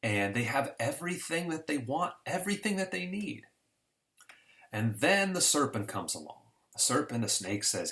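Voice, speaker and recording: A man's voice: mid-range voice, very animated, moderate pace, bright, forceful tone. A man teaching an introductory economics lesson in a conversational, storytelling way with homespun examples. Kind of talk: casual recorded lesson.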